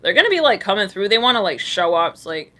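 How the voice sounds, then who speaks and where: A woman's voice: mid-range voice, big pitch swings, fast talker, noisy background. A woman giving a live tarot reading to her viewers, chatty, sassy and blunt, full of slang and swearing, often breaking into laughter. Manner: laughs a lot. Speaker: tarot reader.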